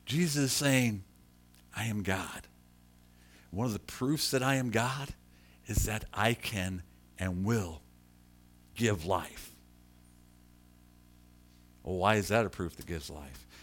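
A man preaching a sermon as pastor, animated, rising loud for emphasis and slowing down to stress key lines, with chatty asides to the congregation. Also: on the low side.

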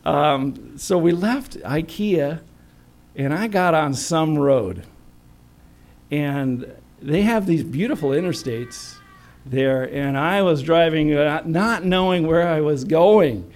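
A man's voice: fairly high pitch, lively intonation, slow pace, darkish tone. Chatty man preaching a sermon. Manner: chatty storytelling, self-deprecating humor.

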